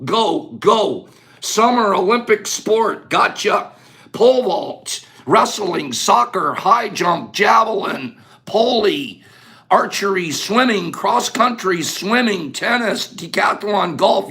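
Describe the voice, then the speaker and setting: A man hosting a casual live stream, greeting viewers by name and running a quick quiz with lively banter. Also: high voice, gravelly. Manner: animated, shouts out viewer names, quick game-show banter. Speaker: livestream host.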